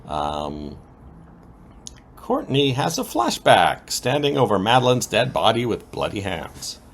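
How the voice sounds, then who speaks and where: A man co-hosting a podcast, recapping soap opera episodes in a casual, animated way with frequent ums. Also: fairly low pitch, slow pace, gravelly. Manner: lively, animated retelling with many ums.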